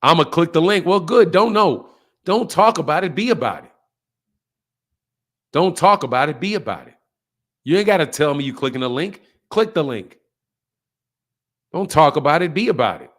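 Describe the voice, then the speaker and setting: A man hosting a boxing livestream, ranting at viewers in a profane, confrontational and animated way. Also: a little high, normal speed, long pauses. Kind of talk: heated livestream rant.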